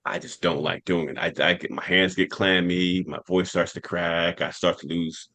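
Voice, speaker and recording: A man co-hosting a podcast, relaxed and frank as he asks questions and talks about himself. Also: low voice, moderate pace, no room sound. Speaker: podcast co-host. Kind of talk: casual podcast chat.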